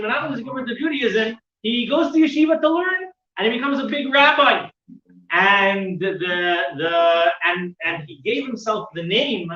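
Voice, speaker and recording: A man's voice: high voice, bright, forceful tone, slight background noise. A man teaching a weekly Torah class, telling a story with lots of fillers and restarts. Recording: roomy, dull sound from a distant mic.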